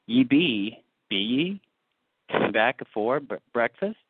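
A man's voice: medium pitch, big pitch swings, unhurried, slightly rough, no echo. A man voicing a strange, ominous male sailor prophet who speaks in old seafaring dialect and veiled warnings, on a tinny, dry, phone-like recording. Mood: cryptic.

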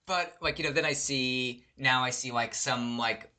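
Casual storyteller, male, brash and profane, with a bright, tense edge to the voice. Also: medium pitch, moderate pace. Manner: animated, swears a lot, acts out quoted people. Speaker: guest telling a story.

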